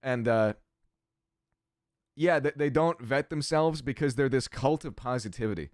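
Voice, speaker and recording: Smooth-voiced sardonic male streamer. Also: medium pitch, normal speed, no echo, clean studio sound. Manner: crass, sardonic, swears freely. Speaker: streamer reading chat. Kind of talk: casual livestream chat.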